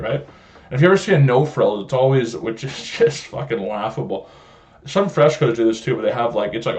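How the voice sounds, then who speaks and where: A man's voice: mid-range voice, a little fast. A young man, hosting a casual solo podcast and telling a rant full of swearing, jokes and laughter. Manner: profane, joking storyteller, laughs often. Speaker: podcast host. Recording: dull lo-fi home podcast audio.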